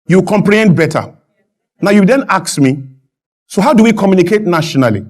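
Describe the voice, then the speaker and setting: Fervent Nigerian man, high voice. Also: animated, a little fast. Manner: emphatic, repetitive, building to shouted points. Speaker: talk show guest. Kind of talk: impassioned studio interview.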